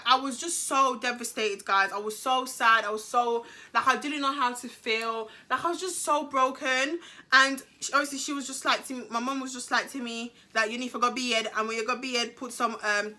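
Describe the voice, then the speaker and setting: A woman, telling an animated, slangy storytime vlog. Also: high voice, moderate pace. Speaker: vlogger.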